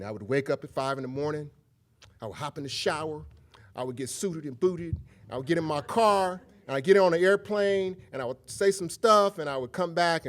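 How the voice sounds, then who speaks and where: Candid middle-aged man giving a lecture. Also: fairly high pitch. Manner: candid and conversational, checks in with the audience; humorous, preacher-like cadence at times. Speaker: guest lecturer. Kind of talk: public lecture with personal storytelling.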